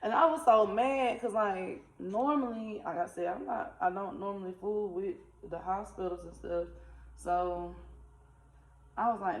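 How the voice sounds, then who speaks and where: A woman's voice: medium pitch, moderate pace. Woman telling her story in an echoey room. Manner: animated, conversational, uses dialect. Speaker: spiritual vlogger. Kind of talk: casual storytelling testimony. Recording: echoey room, faint ambient noise.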